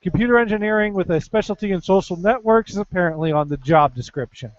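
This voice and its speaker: A man with an East Coast American accent reads offbeat news on a casual podcast, dropping dry, sarcastic asides. His voice sits high for a man. The audio is dry and dull, lo-fi. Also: fast, dry recording. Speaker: podcast co-host reading news. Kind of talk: casual chat, reading news stories.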